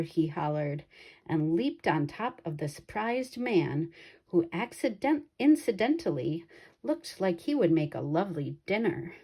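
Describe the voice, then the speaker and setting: Female storybook reader, slow pace, warm and dark tone. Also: lowish voice, husky. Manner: slow and expressive. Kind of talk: children's picture book read-aloud.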